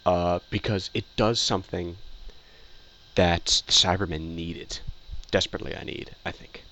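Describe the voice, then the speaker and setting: A man with a low, deep voice talks through his opinions in a loose, rambling way. He circles back to the same phrases and fills the gaps with ums and uhs as he reviews. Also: steady tone, moderate pace, bright, forceful tone. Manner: rambling, repeats himself, many fillers and restarts. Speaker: video reviewer.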